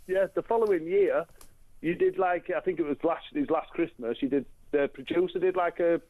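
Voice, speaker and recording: A man phoning in to a talk show, recounting a memory in halting bursts. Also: fairly high pitch. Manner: halting, amused. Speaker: caller. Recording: phone line.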